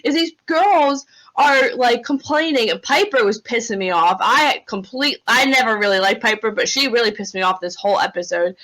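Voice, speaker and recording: Woman podcast cohost going off about a show, bright higher voice, says like a lot. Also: rough recording. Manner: animated, fast, says "like" often. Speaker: podcast co-host. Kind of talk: casual chat.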